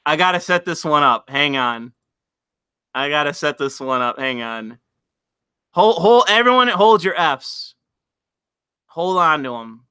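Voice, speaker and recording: Brief: male streamer, casual and profane, lively pitch swings, slightly high voice. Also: a little slow, pauses often, clean tone, no room sound, studio quality. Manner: profane, exasperated, laughs often. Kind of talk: casual live-stream chat.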